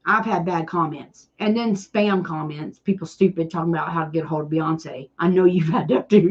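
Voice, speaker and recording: Speaking at a moderate pace with lively intonation and a lowish voice, this DIY host from Tennessee jokes at her own expense and throws in sarcasm as she talks with viewers on a live stream. She has a Southern US country accent, and the audio is muffled.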